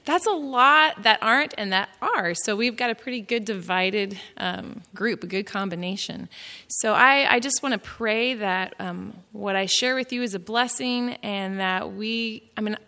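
A woman's voice: mid-range voice, measured pace, sharp tone. A woman from Texas with a Texan accent, giving a folksy, chatty gardening class presentation with plenty of giggles and self-deprecating humor. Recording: reverberant hall.

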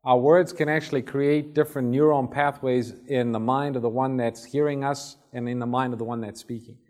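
Male preacher, relaxed storytelling sermon delivery, acts out scenes. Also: mid-range voice, brisk. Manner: conversational, acts out Bible scenes.

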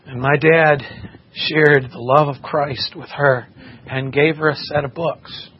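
A man's voice: fairly high pitch, fairly even intonation, takes it slowly, husky. Earnest preaching man, muffled recording. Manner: earnest, impassioned storytelling. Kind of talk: sermon with personal testimony. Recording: muffled recording with faint background noise.

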